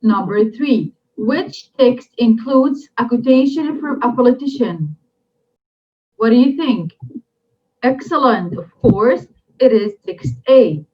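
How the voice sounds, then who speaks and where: Slow, deliberate woman teaching vocabulary. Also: on the high side, animated. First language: Arabic. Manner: slow and deliberate, repeats each vocabulary word three times for drilling. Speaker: English teacher. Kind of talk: recorded classroom lesson. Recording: dull lo-fi recording.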